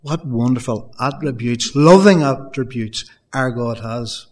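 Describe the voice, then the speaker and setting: A man delivers a sermon to his congregation. His pitch sits in the middle range for a man. He preaches earnestly and builds emphasis by repeating phrases. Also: measured pace, a little mellow. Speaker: pastor.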